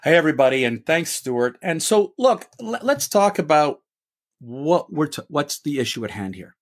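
A man's voice: fairly high pitch, sing-song, normal speed. A man co-hosting a sports opinion show, giving an emphatic rant full of rhetorical questions. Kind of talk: ranting opinion commentary.

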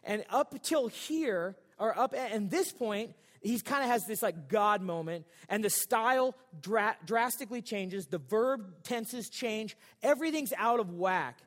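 High-pitched pastor guy joking around mid sermon, church hall echo. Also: lively intonation, unhurried, few pauses, fairly bright tone. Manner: casual, joking, conversational preaching. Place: church sanctuary.

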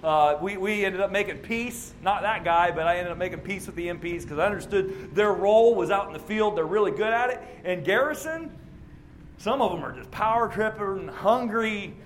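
A man's voice: high-pitched, lively intonation, moderate pace, slight background noise. A man and racing ministry chaplain giving an informal sermon at a racetrack, telling a personal story in a conversational, plainspoken way.

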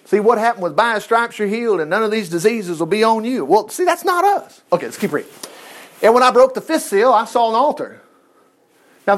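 An older man preaching a sermon, reading Bible verses aloud and commenting in a folksy, joking, conversational way. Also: high voice.

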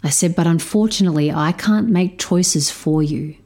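A woman telling a story about parenting her stepdaughter, speaking in a slow, measured, reflective way. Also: fairly low pitch, a little mellow. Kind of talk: storytelling talk.

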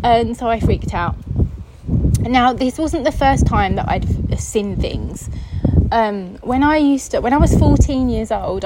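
A woman's voice: on the high side, heavy background noise. A woman from England hosting a podcast, telling a personal story in a chatty, casual way, acting out the voices she quotes. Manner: chatty, acts out quoted voices, laughs often. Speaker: podcast host.

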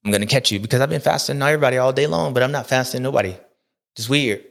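A man's voice: medium pitch, racing, vocal fry, a bit bright. A man doing an impression of a cocky young male rider who rambles in slang and keeps contradicting himself.

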